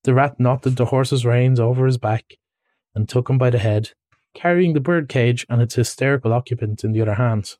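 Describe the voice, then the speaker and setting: A man narrating a classic storybook aloud in a measured, expressive reading voice. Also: mid-range voice, no room sound. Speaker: reader. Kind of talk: audiobook-style storybook narration.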